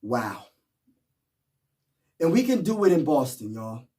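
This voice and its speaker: A man's voice: on the high side, sing-song, slow pace, warm tone, recorded from a distance. Hyped fan man, a bit off-mic. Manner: repetitive, rallying, slangy. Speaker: sports fan vlogger.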